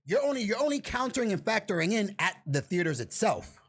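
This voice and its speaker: A man with a husky, slightly high voice co-hosts a podcast in casual chat. His pitch swings lively as he laughs along and argues his side, often restarting a thought before landing it. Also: brisk. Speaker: podcast co-host.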